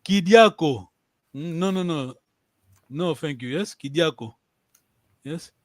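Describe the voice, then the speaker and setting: A man's voice: a little high, animated, slow, dry recording. A man teaching a language lesson over a video call, patiently repeating and checking that his students follow.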